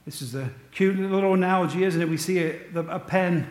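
Chatty pastor in an echoey hall. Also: male voice, sits high, a little fast, a little mellow. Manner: conversational, jokey asides to the congregation. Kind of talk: casual sermon.

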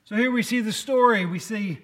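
A man's voice: sits high, fairly quick, a bit bright. A man giving a casual, joking sermon to a congregation, often asking them questions. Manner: chatty, joking, asks the room questions. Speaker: lay preacher.

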